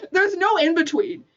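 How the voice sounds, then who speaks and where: Her voice is extremely high and a bit bright as she hangs out with her livestream audience. Giggly and leaning heavily on "like," she comes across through a dull, far-off microphone, with faint music in the background.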